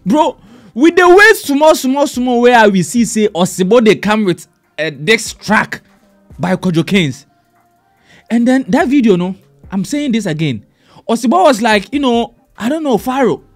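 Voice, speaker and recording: A man hosts in an excitable, chatty way. His voice sits high and jumps around lively. Faint music plays underneath. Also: unhurried. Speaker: show host. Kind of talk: casual commentary.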